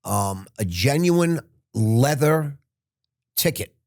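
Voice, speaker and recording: This man, in his sixties, has a medium-pitched, slightly mellow voice that moves slowly yet with lively intonation. As a podcast guest, he tells a frank, wandering story with restarts and the odd curse, in a casual interview recorded at studio quality with no room sound.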